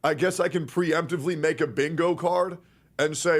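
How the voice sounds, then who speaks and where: A male streamer ranting into his stream, crude and heated, swinging between mockery and calmer appeals. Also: a little high, normal speed. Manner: crude, heated and mocking, then conciliatory. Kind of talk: angry streamer rant to the camera.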